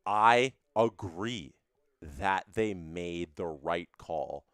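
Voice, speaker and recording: A man's voice: low voice, animated, drawn-out words, a bit bright, clear, resonant tone, no room sound, clean studio sound. A man hosting a live stream, reading viewer chats and ranting opinionatedly, often repeating his phrases.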